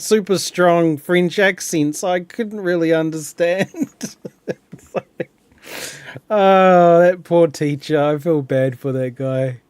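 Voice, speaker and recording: Slow-talking young man chatting over gameplay. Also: on the high side, smooth, no echo. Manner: rambling and chuckling, often restarting words. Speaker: gameplay streamer. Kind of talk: casual gameplay chat.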